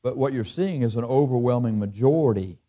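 A man with a dark, medium-pitched voice preaches at a fairly quick clip. Reading scripture in the old King James cadence, he adds down-home comments and laughs at his own jokes.

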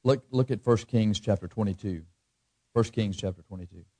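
A man's voice: fairly low pitch, moderate pace, mellow. A man preaching a sermon, reading scripture aloud in old-fashioned cadence and adding folksy asides and chuckles. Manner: folksy, reads scripture in King James cadence, chuckles at own jokes.

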